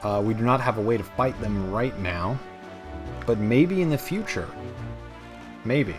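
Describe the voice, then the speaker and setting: A man's voice: lowish voice, expressive, a little slow, music in the background. A young man hosting a let's play, chatting in a rambling, self-mocking way with many fillers. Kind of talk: gameplay commentary.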